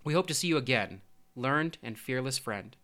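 A man's voice: mid-range voice, expressive, normal speed. A man voicing admiring young fish friends. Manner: warm, admiring.

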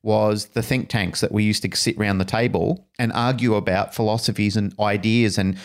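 Low-voiced man reminiscing on a podcast. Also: fairly even intonation, moderate pace. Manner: reflective, reminiscing, backs up his co-host with short agreements. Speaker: podcast co-host and dog trainer. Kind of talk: casual podcast chat.

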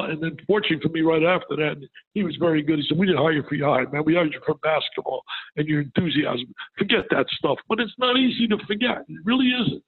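Husky older man on a tinny line. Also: high-pitched. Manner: animated, energetic storytelling with quoted dialogue. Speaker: guest, basketball broadcaster. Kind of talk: storytelling interview.

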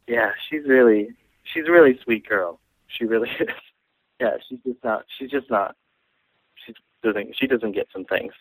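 A man's voice: mid-range voice, normal speed, husky, dry recording, poor audio. A young man casually telling funny stories about a friend, chatty and laughing as he goes. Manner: chatty, laughs while telling, frequent restarts. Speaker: guest storyteller. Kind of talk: casual storytelling.

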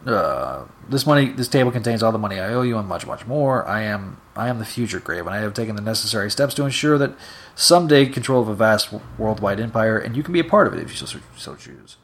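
A man voicing a calm, scheming middle-aged male industrialist who speaks in a measured way. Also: lowish voice.

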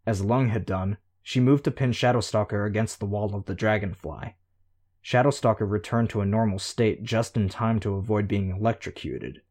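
A man reading a novel aloud in an even, measured first-person narration. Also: lowish voice. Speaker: audiobook narrator.

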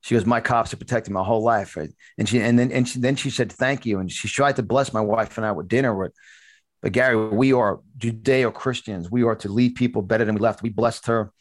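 A man's voice: on the low side, brisk, no room sound. Preachy man host telling stories. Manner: animated, repetitive restarts, preachy. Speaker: podcast host and conservative speaker. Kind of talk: storytelling in a talk show. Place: studio.

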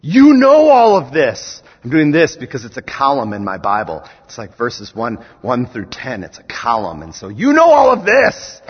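Husky, animated male preacher in a hall. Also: mid-range voice, moderate pace, hardly any pauses. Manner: emphatic, rhetorical questions, rising to rallying calls. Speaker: student ministries director preaching. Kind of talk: sermon. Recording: echoey hall, dull lo-fi sound.

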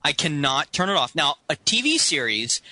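A man's voice: a little high, sing-song, bright, forceful tone. A man co-hosting a podcast, chatting casually and bantering playfully. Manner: quick to agree, playful banter. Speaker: podcast co-host. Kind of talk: casual chat about movies.

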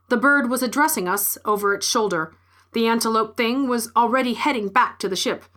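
A woman narrating a short story in a measured, clear reading. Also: mid-range voice, animated, bright, forceful tone. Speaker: story reader.

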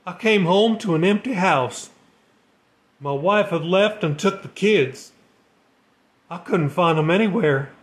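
A man's voice: fairly high pitch, voice pushed up, natural voice. A man voicing a demoted navy sailor who speaks plainly and shakily with regret in a storybook reading. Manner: plain-spoken, slangy, shaky with regret. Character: remorseful demoted male navy sailor, gruff.

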